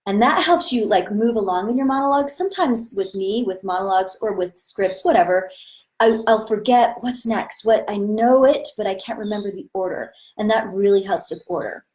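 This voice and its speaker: A woman acting teacher talks through a live-streamed lesson, chatty and enthusiastic, in a mid-pitched voice. Her delivery is casual and she slips into sudden bursts as she demonstrates. The sound comes from a simple webcam-style mic. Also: brisk, a little mellow. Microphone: webcam or phone on a live stream.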